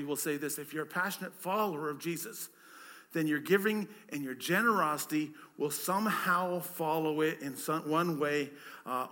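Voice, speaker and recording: Bright-voiced man preaching a sermon. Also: sits high. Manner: conversational preaching with rhetorical questions and repeated words. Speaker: pastor.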